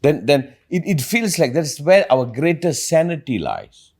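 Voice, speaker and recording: A man's voice: a little high, big pitch swings, a little slow, a little mellow. A man, a spiritual teacher, talking earnestly in a reflective conversation and asking probing questions.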